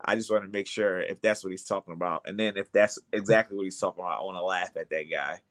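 A man's voice: sits low, steady tone, quick pace, fairly bright tone, dry recording. Dry, sarcastic male co-host. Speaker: podcast co-host. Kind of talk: casual sports chat.

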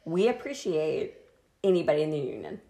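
A woman with a low, gravelly voice tells a history story in a casual chat, swearing and joking as she goes. She sounds a little tipsy from wine. The recording has a noticeably echoey room sound. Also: sing-song, brisk, a loud crowd. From Washington state, US. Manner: crude, jokey, laughs often. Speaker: podcast co-host telling a history story.

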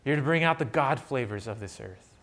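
A man delivering a sermon as a pastor, swinging from loud emphatic peaks to quiet asides and putting rhetorical questions to the congregation. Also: medium pitch, animated, a little fast. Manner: asks the audience rhetorical questions.

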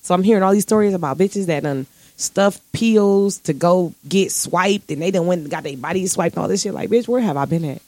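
A woman telling stories in casual, profane chat, animated, with big jumps in pitch. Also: fairly quick, no echo.

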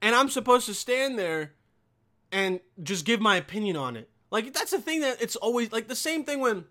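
A young man ranting profanely to camera as a vlogger, with loud bursts and mocking quoted voices. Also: very high voice, very animated, moderate pace. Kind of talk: profane comedic rant.

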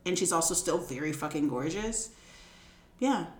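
A young woman in a casual chat, animated and laughing, who swears freely and acts out quotes. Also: deep voice, moderate pace, reverberant.

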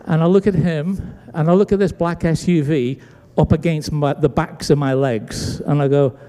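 Pastor telling a story in a big hall. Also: male voice, fairly high pitch, normal speed. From Britain. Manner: animated storyteller acting out dialogue. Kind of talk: sermon storytelling. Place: church sanctuary. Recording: long church hall reverb.

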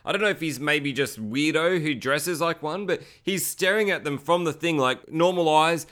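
Man, fairly high voice, sweary, exasperated movie reaction chat. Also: moderate pace, a bit bright. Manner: sweary, exasperated, acts out characters' lines. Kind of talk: casual movie commentary.

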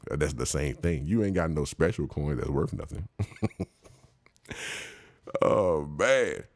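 A man's voice: extremely low pitch, lively intonation, takes it slowly, dry recording, clean studio sound. A man hosting a show, telling casual comic stories in a slangy, rambling way and laughing often.

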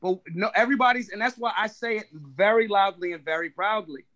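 A man's voice: high-pitched, a little fast, fairly bright tone. A man co-hosting a podcast, talking in a brash, emphatic way with plenty of profanity. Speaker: podcast co-host. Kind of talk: casual podcast chat.

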